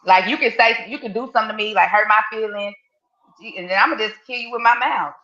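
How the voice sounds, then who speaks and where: A woman with a sharp, bright voice speaks bluntly and swears freely in a relaxed chat. Her sound is dull and lo-fi, as if from a cheap mic. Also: mid-range voice, quick pace. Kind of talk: casual chat.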